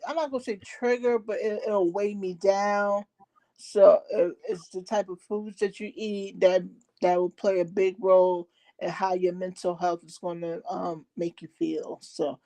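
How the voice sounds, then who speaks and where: A woman's voice: fairly low pitch, gravelly, mellow. A woman guest who hosts her own podcast, talking candidly and heartfelt about her own experience, with frequent ums. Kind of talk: candid personal conversation.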